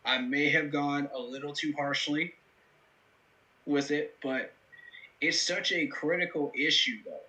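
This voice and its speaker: Guy hosting a football reaction stream, real bright voice, earnest play breakdown, lots of "you know". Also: a little high, unhurried, pauses often, low-quality recording. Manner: earnest, analytical, many "you know" fillers. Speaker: host. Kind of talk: live football reaction commentary.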